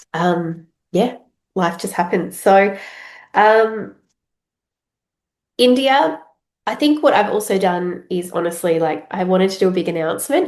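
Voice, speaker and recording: Congested Australian woman, low-pitched voice, rambling casual podcast chat, roomy echo. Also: a little mellow. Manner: rambling, many fillers and restarts. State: congested with a head cold. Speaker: podcast host.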